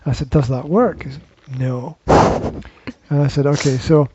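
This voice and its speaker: Teasing man with a mellow voice. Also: fairly high pitch, moderate pace, muffled recording, a little hiss or hum. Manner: teasing, laughs often. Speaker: podcast host. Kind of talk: casual chat.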